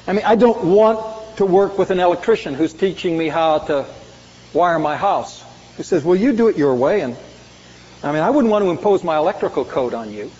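A man preaching a sermon with emphatic delivery, swinging sharply between loud and soft. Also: animated, a little fast. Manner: emphatic preaching, dramatic swings in pitch and volume. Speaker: pastor. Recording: muffled sound with long hall reverb.

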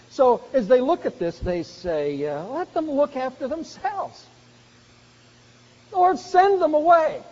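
A high-pitched man delivers a sermon in an earnest, pressing manner. His voice carries a long reverb through a big hall. The sound is muffled and lo-fi. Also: mellow. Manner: earnest, rising to emphatic exhortation. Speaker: preacher.

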